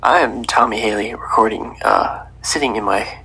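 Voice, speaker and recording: Quiet, gravelly young man in kitchen. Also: on the low side, normal speed, a little hiss or hum. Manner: talking quietly, casual and relaxed. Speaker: podcast co-host. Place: home kitchen.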